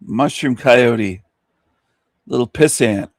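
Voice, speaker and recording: A man at mid pitch ranting in a scornful solo monologue, mocking and insulting his listeners and laughing at them. He fires off rhetorical questions as the host of an online radio show. The sound is dry and close, with no room around it. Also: slow, dry recording.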